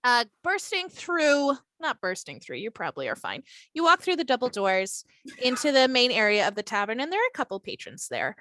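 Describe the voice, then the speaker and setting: A woman's voice: a little high, wildly swooping pitch, fast, pushed and bright, no echo. A woman running a tabletop game as game master, narrating in a casual, rambling way with fillers.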